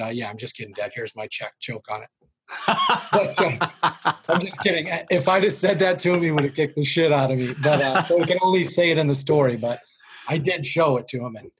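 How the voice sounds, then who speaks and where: A middle-aged man with a Boston accent tells stories as an interview guest. His voice is husky and rough around the edges. He jokes at his own expense and lowers his voice when he quotes his parents. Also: a little mellow. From Boston area. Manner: self-deprecating, jokey, drops voice for quoted parents. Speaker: sales trainer, guest. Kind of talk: storytelling interview.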